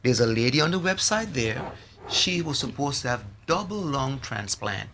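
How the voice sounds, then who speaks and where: A man's voice: mid-range voice, very animated, moderate pace, a bit bright, a little hiss or hum. A man talking as a radio guest in an earnest, preacherly way, quoting scripture. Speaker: guest, product maker. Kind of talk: casual radio talk with preaching.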